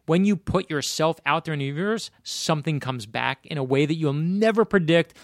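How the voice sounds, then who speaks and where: A man with a gravelly, fry-laden voice tells personal stories in a close, dry sound. He is from Florida and talks as an author guest in a casual conversation, speeding up as the stories build. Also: a little high, fairly quick, no room sound. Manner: animated anecdotes, speeds up in bursts.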